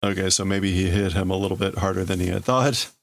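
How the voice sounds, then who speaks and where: A man on a livestream, translating a manga aloud in a halting, thinking-out-loud way. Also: low-pitched, fairly even intonation. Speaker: streamer.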